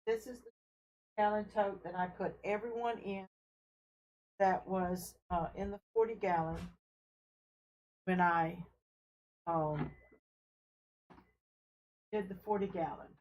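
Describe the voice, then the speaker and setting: A woman hosting a casual fish-keeping live stream from her home fish room, talking in an unhurried, friendly way with fillers as she carries her camera from tank to tank. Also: medium pitch, steady tone, darkish tone, low-quality recording. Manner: unhurried, friendly, talks while showing tanks, with fillers. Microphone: handheld camera she carries around.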